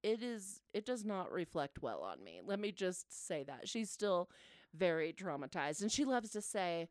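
A woman in her thirties co-hosting a podcast, telling a story in a lively way, often laughing and acting out what people said. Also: fairly low pitch, normal speed, no echo, studio quality. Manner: animated, laughing often, acts out quotes. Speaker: podcast co-host. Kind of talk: casual storytelling chat.

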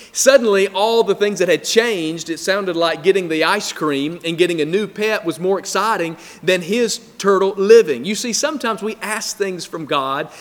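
Emphatic preacher in a reverberant hall. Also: male voice, fairly high pitch. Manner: emphatic, repetitive preaching rhythm. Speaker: pastor. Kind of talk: sermon.

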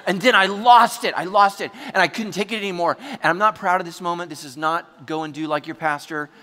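Bright, animated man preaching. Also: high voice, a little fast, long reverb tail. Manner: animated storytelling, bursts into shouts. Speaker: pastor. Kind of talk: sermon.

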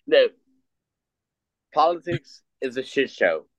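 A man's voice: medium pitch, sing-song, dry recording. A man who works offshore, a podcast guest in casual chat, talking hesitantly with many fillers. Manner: slow, hesitant, filler-heavy. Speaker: guest, offshore oil worker. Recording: dull, dry lo-fi audio.

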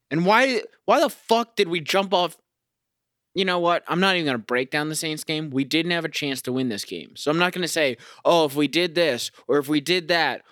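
A man's voice: fairly high pitch, sharp tone, no room sound, studio quality. Profane, exasperated young man ranting. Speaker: sports fan commentator. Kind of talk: ranting casual monologue.

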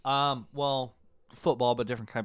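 A man's voice: medium pitch, little pitch movement, normal speed, a bit bright, clear, resonant tone, no echo. A man co-hosting a podcast, giving short, dry, joking replies in a casual football chat. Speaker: podcast co-host.

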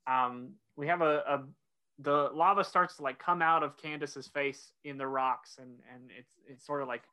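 A man's voice: a little high, fairly even intonation, normal speed, bright, forceful tone, clean tone. A man co-hosting a casual podcast, walking through an episode step by step and leading the segments. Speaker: podcast co-host.

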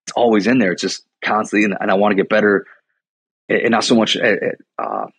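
Fast-talking, husky-voiced man telling stories. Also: lowish voice, fairly even intonation, a bit bright, no echo. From Milwaukee, USA. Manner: rambling storyteller, heavy use of "like" and "you know". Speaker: boxing and Muay Thai coach, guest. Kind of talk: casual chat.

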